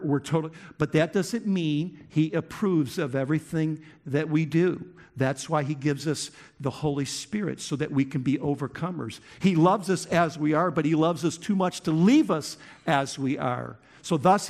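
Casting note: male pastor mid-sermon, slightly high voice, big impassioned swings between loud and soft. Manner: swings from loud impassioned peaks to quiet earnest lows, with repeated restarts. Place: church.

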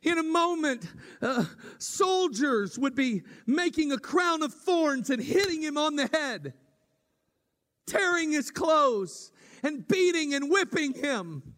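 A man preaching a sermon as pastor, swinging from loud dramatic cries to hushed whispers. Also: very high voice, lively intonation, slow pace, big-room sound.

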